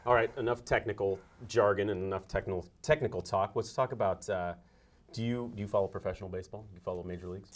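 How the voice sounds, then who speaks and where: A man hosting a sports interview show, asking questions briskly and chiming in with quick okays. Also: on the low side. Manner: brisk, eager back-channel replies.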